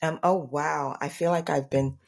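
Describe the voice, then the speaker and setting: A woman hosting a solo podcast, speaking earnestly and reflectively at an unhurried pace, often repeating phrases for emphasis. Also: low voice, fairly even intonation, creaky. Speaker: podcast host.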